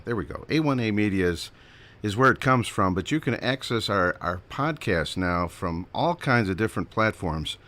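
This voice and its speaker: A man's voice: on the low side, lively intonation, moderate pace, a bit bright. A man hosting a radio show in a chatty, upbeat, rambling way, a little out of breath.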